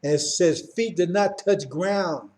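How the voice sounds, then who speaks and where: A man's voice: high voice, a little slow, darkish tone. A middle-aged man teaching an informal Bible class in an emphatic way, often asking his listeners "right?" and "see?". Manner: emphatic, keeps checking in with listeners.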